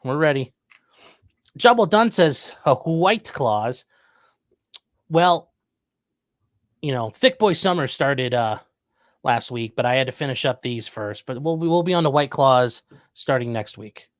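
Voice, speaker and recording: A man's voice: mid-range voice, lively intonation, unhurried, long pauses, no room sound. A man from Ohio hosting a livestream, casually reading viewer comments aloud and answering them with dry jokes. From Ohio, USA. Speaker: livestream host reading chat. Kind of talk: casual chat.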